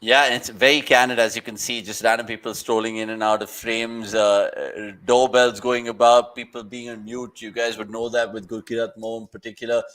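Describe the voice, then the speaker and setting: Man, casual watchalong host on a video call, mid-pitched, breezy banter, reads the chat. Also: little pitch movement, fairly bright tone, poor audio. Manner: upbeat, rapid banter, reads viewer comments aloud. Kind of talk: casual cricket commentary and chat-reading. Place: home, remote video call.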